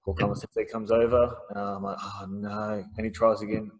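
A man's voice: fairly low pitch, fairly quick. A man hosting a podcast, telling a story in casual chat and acting out the voices of the people in it. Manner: animated, acts out voices in his stories. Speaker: podcast host. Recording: long hall reverb.

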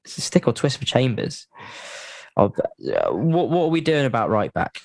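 A man's voice: mid-range voice, huge pitch swings, normal speed, creaky, dry recording. A man chatting casually about football on a podcast, rambling with lots of restarts and fillers.

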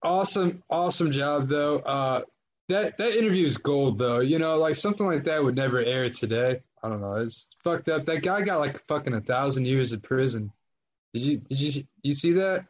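A relaxed man hosting a podcast, drawling slowly with casual swearing mixed in. His pitch is mid-range, and the recording sounds dull and lo-fi. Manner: laid-back, slow, drawling, swears casually. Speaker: podcast host. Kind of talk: casual crude chat.

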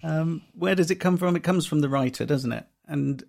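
A man's voice: a little high, moderate pace, creaky, darkish tone. A man co-hosting a podcast, musing aloud and asking questions in casual chat. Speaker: podcast co-host.

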